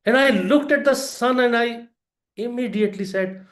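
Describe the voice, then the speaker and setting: A man giving a prepared storytelling speech to a club audience, with a deliberate delivery, pauses and emphatic rises. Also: extremely high pitch, roomy sound.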